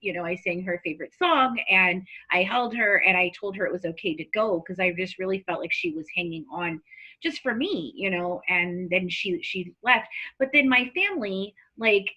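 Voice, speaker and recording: Very bright, animated woman podcast host. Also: mid-range voice, normal speed, rough recording. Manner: animated, personal storytelling, acting out other people's voices. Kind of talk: true crime podcast chat.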